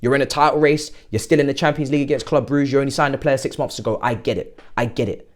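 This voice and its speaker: A young man, hosting a football fan channel, giddy and excitable, with sudden loud outbursts. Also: mid-range voice, fast talker. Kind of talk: excited fan reaction monologue.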